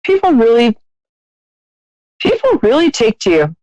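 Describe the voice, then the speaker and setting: A woman's voice: a little high, wildly swooping pitch, a little slow, dry recording, muffled recording. Chatty woman hosting a psychic call-in show. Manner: chatty, warm-hearted, laughs often, trailing restarts. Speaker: psychic radio host. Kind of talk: live call-in psychic reading.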